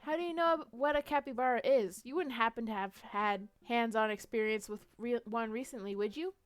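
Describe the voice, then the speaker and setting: A young woman streaming a detective role-play game, narrating her moves playfully and laughing easily over faint music. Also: fairly high pitch. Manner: playful, quick to laugh, reads out story text.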